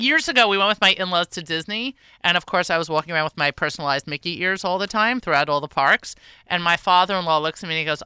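A woman hosting a live radio talk show, chatting and joking playfully with quick asides and frequent laughter. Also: fairly low pitch, lively intonation, bright, forceful tone, smooth, no echo.

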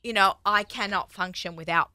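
A woman's voice: medium pitch, normal speed, bright, forceful tone, no echo. A woman hosting a radio talk show in a studio, chatty and upbeat, laughing often. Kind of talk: casual studio chat.

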